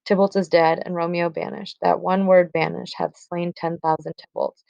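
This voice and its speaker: Juliet, a teacher reading a distraught young bride. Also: female voice, on the low side, level tone, normal speed, gravelly, darkish tone, dry recording, muffled recording. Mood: anguished. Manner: read aloud plainly from the script. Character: young teenage girl, newly wed, distraught and torn.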